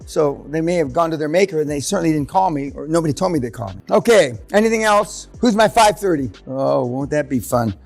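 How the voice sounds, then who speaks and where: Older guy ranting crude stories at a seminar, gravelly and kinda high-voiced, swears a lot. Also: lively intonation, fast talker, hardly any pauses, faint music behind. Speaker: seminar speaker. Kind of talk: profane seminar storytelling. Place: large seminar room.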